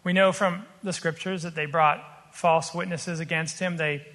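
Man, preacher, sermon, earnest, explanatory, high-pitched, reverberant hall. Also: fairly even intonation, a bit bright. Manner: earnest, explanatory, slows for emphasis.

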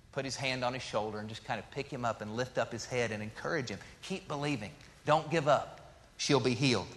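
A male pastor preaching a sermon in a conversational way, pushing up for emphasis and then dropping to a soft, slow hush. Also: fairly high pitch. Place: church sanctuary. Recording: long hall reverb.

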